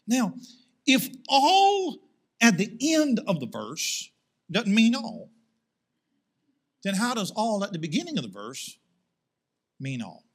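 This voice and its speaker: A male pastor preaching a sermon to his congregation in church. He asks rhetorical questions and rises into loud, emphatic swells. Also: sits high, wildly swooping pitch, takes it slowly, long pauses.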